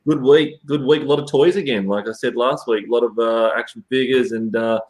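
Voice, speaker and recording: A man's voice: mid-range voice, fairly quick, darkish tone, poor audio. Playful man in banter. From Australia. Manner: playful banter, swears casually. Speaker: co-host of a live reselling show. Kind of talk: casual live-stream chat.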